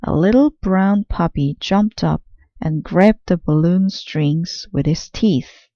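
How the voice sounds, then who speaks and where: A woman reads a children's picture book aloud, slow and careful. Her voice is low and mellow. The recording is dry and a little muffled. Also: dry recording. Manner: slow, careful, clear storytelling. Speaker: storyteller.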